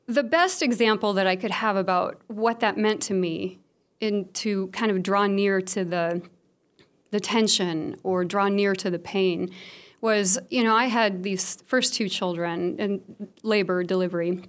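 A woman's voice: medium pitch, a little slow. A woman in her thirties telling a candid personal story about motherhood to an audience, frank and humorous, with a self-deprecating streak. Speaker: speaker sharing a personal story.

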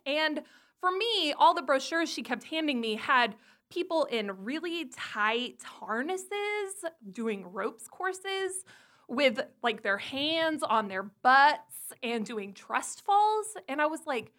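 Woman storyteller, animated and comic, fairly high, bright voice. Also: takes it slowly. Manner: animated, comic, swears freely. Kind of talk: personal storytelling.

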